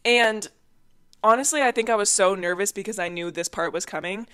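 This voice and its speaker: A woman's voice: mid-range voice, brisk, clean tone. Chatty young woman telling dating stories. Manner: chatty, animated, laughs through stories. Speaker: podcast host. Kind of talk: casual storytelling.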